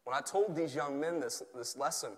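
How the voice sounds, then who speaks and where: A man from Tennessee with a Southern accent, preaching an animated, joking sermon in a church, swelling at times to near shouts. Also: a little high, moderate pace. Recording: long hall reverb.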